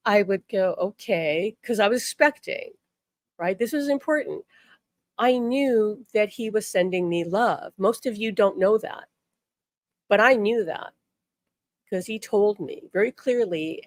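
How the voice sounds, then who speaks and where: A middle-aged woman with a mid-range voice speaks directly to the camera as a spiritual teacher, earnest and emphatic, leaning into key words. She acts out the voices she quotes. The studio-quality recording has no room sound.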